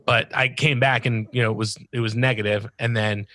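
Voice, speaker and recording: Rambling podcast host, dry close mic. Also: male voice, medium pitch, steady tone, a little fast, pushed and bright, no echo. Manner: rambling, lots of fillers, laughs easily. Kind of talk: casual chat.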